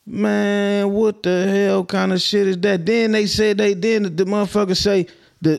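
A man's voice: fairly high pitch, smooth. A man from Minnesota giving casual, laughing, slang-heavy commentary on the news to his viewers. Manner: loose, laughing, slangy street talk. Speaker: commentary vlogger.

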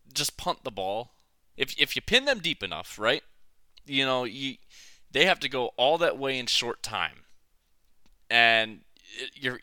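A man's voice: medium pitch, pushed and bright, smooth, no echo. A man co-hosting a casual sports podcast, blunt and a little profane, his sentences full of fillers and restarts. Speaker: podcast co-host.

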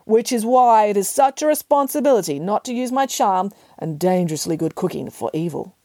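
A woman's voice: mid-range voice, lively intonation, brisk, a little mellow, no echo, lightly acted. A woman voicing a mischievous grandmother who tells a wicked bedtime tale with theatrical relish. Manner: playful, theatrical, relishing gory details. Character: cheeky storytelling grandmother, mischievous.

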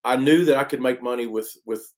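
Animated man telling stories. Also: mid-range voice, brisk. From East Texas. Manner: animated, emphatic storyteller with many restarts. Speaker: interview guest, country singer. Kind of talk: casual storytelling.

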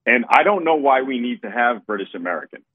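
A man calling in to a radio show, joking in a mocking, deadpan way. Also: medium pitch, fast talker, phone-quality sound, a little hiss or hum. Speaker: caller. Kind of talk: call-in chat.

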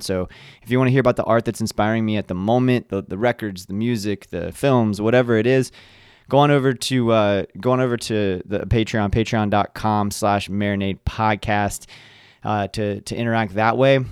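A man's voice: on the low side, smooth, no echo, studio quality. A male podcast host wrapping up the show with upbeat promotional remarks. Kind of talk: scripted show outro.

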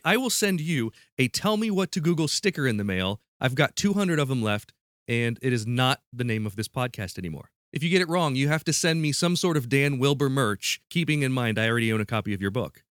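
A man's voice: mid-range voice, animated, fairly bright tone, dry recording, clean studio sound. Playful male podcast quiz host. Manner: playful, joking, quick to laugh. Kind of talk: casual podcast chat.

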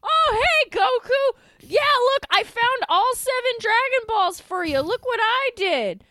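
Parody bit: a squeaky, overeager grown man, childlike and giddy, done by a woman with a dry close mic. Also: expressive, a little slow, bright, forceful tone, dry recording, full character voice. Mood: eager. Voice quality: squeaky high falsetto.

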